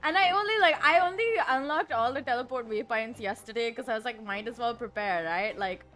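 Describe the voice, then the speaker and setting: A woman's voice: a little high, brisk, a bit bright, soft background music. A woman streamer chatting casually while playing a game, bubbly and rambling, with giggles and restarts. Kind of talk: casual let's-play chatter.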